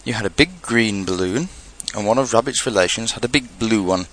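A man voicing a kind, patient young boy in a storybook reading, asking plain, gentle questions. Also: lowish voice, brisk.

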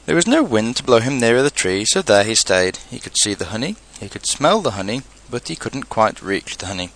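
A man reading a children's storybook aloud, narrating in an unhurried way with quiet asides. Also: mid-range voice, big pitch swings, low-quality recording.

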